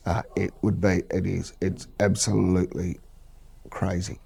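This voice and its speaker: A middle-aged Australian man, a military veteran, recounting war memories in a measured, halting interview. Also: low voice, little pitch movement, creaky, dark tone, husky.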